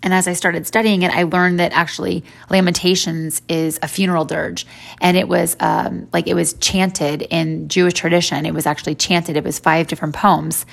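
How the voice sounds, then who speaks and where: Forties woman chatting about faith, lots of "you know", a bit low-pitched. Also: level tone, normal speed, creaky. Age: 40s. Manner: conversational, many fillers like "you know". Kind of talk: faith-based personal talk.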